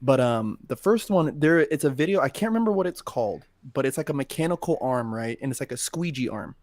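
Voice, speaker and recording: A man's voice: medium pitch, expressive, a little fast, darkish tone, dry recording, studio quality. A man co-hosting a podcast, telling a personal story in casual, emotional talk with plenty of swearing. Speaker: podcast co-host. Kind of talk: casual chat.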